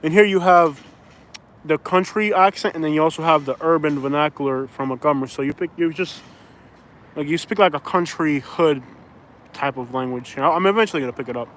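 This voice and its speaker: Broadcasting live from a suburban outdoor spot, the Florida man keeps up a loose, talkative stream, chatting with viewers and reading out their comments. His fairly high, fairly bright voice moves at a fairly quick clip over faint traffic noise.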